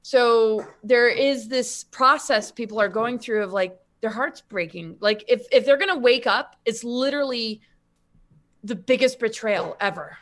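A woman talking as a guest on a spiritual podcast, her voice sitting a little high. She rambles, restarts her sentences and leans on filler words as she thinks aloud. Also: unhurried. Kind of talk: casual spiritual conversation.

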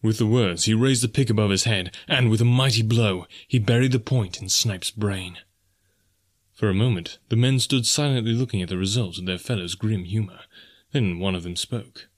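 A male audiobook narrator telling an adventure story. His voice sits low, and he keeps a measured, even storytelling pace.

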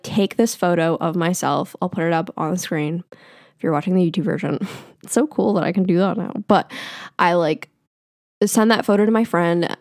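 A woman's voice: lowish voice, dry recording, studio quality. A woman in her twenties telling a story casually on her podcast, chatty and full of "like" fillers. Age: 20s. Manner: chatty, animated, frequent "like" fillers. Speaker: podcast host.

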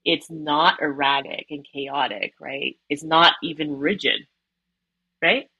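Woman, low-pitched, bright tone, animated therapist talk, tag questions. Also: takes it slowly, slightly rough, rough recording. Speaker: psychotherapist guest. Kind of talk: casual conversational interview.

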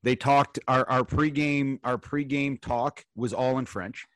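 A man in the host's chair recalling old coaches in loose, halting sentences padded with fillers. His voice sits at an ordinary middle pitch and is recorded close and dry, with no room sound. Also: steady tone, no echo. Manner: rambling, halting storytelling with fillers. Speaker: podcast host, former pro hockey player. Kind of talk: casual chat.

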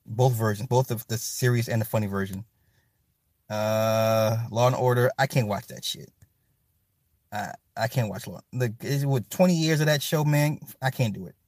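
Casual streamer host, male, mid-pitched, profane and animated, dry close mic. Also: normal speed, dry recording. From Chicago. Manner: loose, profane, animated storytelling with loud outbursts. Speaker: livestream host reading chat. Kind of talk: casual chat.

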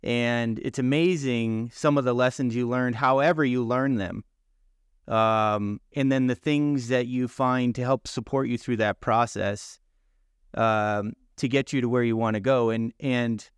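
A man hosting an interview, framing his questions in a measured, thoughtful way. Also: mid-range voice, fairly even intonation, clean tone, no room sound, studio quality. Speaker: podcast host.

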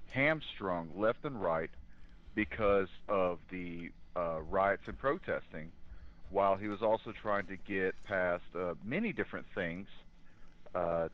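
A man with a fairly low voice speaks as a guest on a talk show. He talks in an earnest, opinionated way and pauses often with fillers. His voice comes through a dull, lo-fi line. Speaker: guest in law enforcement. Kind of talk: casual political talk.

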